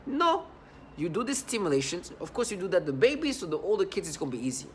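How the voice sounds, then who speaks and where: A man talking to camera in a rambling, halting monologue, repeating words and stressing points earnestly. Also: high voice, sing-song, a little mellow, a little hiss or hum. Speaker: vlogger.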